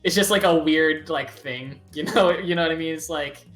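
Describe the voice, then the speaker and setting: A man's voice: on the high side, moderate pace, fairly bright tone, reverberant, faint music behind. A man casually commentating a fighting game tournament, rambling with lots of fillers.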